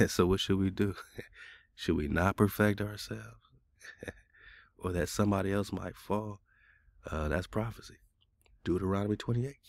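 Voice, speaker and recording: A man with a very low, gravelly voice, hosting a casual radio talk. He speaks in a loose, colloquial way and argues back insistently. The sound is close and dry, with no room echo. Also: measured pace, long pauses. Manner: argumentative, colloquial, talks back at a chatbot. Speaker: radio show host.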